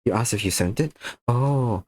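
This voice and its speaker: A tired, slightly sick man chats casually with viewers while drawing on an art stream, sounding drowsy and slurring a little. His mid-range voice is a little mellow and moves at a moderate pace, and the recording is dry.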